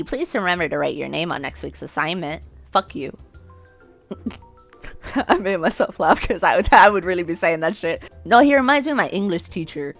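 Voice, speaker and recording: Brash, profane young woman streamer. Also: sits low. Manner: brash, profane, loud outbursts. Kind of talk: reading a dating game aloud with reactions.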